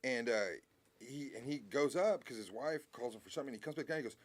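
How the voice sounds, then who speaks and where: A man's voice: medium pitch, fast talker. A man talking as a guest musician in a casual interview, rambling and heartfelt, with many restarts and swearing.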